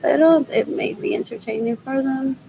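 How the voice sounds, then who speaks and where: A woman's voice: high-pitched, normal speed, vocal fry, mellow, poor audio. A middle-aged woman talking to herself in a rambling solo monologue, repeating phrases over and over and slipping Spanish phrases into her English. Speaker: vlogger.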